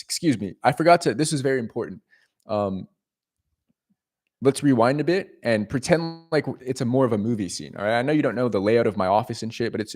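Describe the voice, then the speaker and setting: Young guy on a livestream, rambly and sweary, keeps going "right?". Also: medium pitch. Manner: rambling, profane, self-interrupting with "right?". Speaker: leasing agent streaming to viewers. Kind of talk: casual livestream storytelling.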